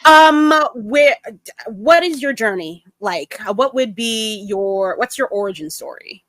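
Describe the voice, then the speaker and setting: A woman hosts the interview with an upbeat, slightly hesitant manner. Her voice sits high and swings widely in pitch. The recording is dry and close. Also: expressive, a little slow, fairly bright tone, no room sound. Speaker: interview host. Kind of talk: casual interview hosting.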